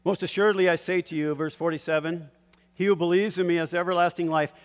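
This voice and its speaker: A man's voice: fairly high pitch, steady tone, fast talker. Older male preacher in a reverberant hall. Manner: call-and-response, asks the congregation to fill in words; chuckles often, shifts from loud to hushed. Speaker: pastor. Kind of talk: sermon.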